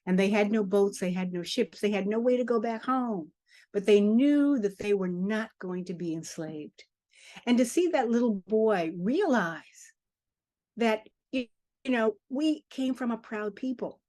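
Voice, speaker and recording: A woman's voice: mid-range voice, expressive, measured pace, mellow, no echo. An older woman, a children's author, speaking earnestly in a podcast interview, telling stories with emphatic repetition. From Charleston, South Carolina family; grew up in Harlem.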